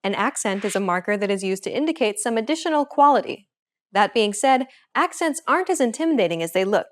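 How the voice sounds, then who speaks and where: A woman hosting a language lesson, reading a script in a clear, even, instructive way. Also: on the high side, quick pace.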